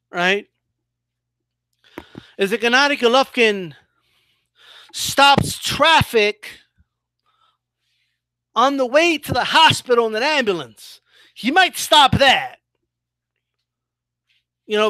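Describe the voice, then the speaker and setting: A man hosting his own boxing channel, giving casual, animated commentary with a mocking edge and frequent restarts. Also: extremely high pitch, dry recording.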